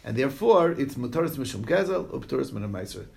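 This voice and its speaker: A man's voice: mid-range voice, sing-song, fast, vocal fry, a little mellow. A man teaching a Talmud class in a casual lecture style, reading passages aloud and explaining them in chatty asides, often checking in with his listeners. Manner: storytelling with frequent "okay?" check-ins.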